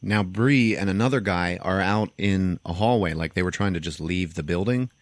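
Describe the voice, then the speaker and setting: A man hosting a podcast, casually retelling a movie plot with animated storytelling and frequent swearing. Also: deep voice, moderate pace, no echo. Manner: animated storytelling, acts out quotes, swears freely. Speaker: podcast host.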